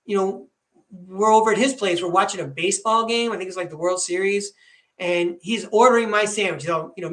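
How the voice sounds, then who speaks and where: A man in his fifties hosting a podcast, telling rambling, animated stories in a casual monologue. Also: high-pitched, fairly quick, reverberant. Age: 50s. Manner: chatty, rambling, animated storyteller. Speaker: podcast host.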